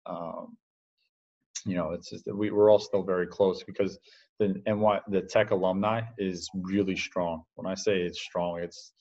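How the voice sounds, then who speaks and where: A man, a former baseball catcher telling stories in a relaxed, rambling way with lots of fillers. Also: low voice, moderate pace, lo-fi sound. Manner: laid-back, rambling, full of fillers and laughs. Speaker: former minor league baseball catcher, guest. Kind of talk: casual storytelling interview.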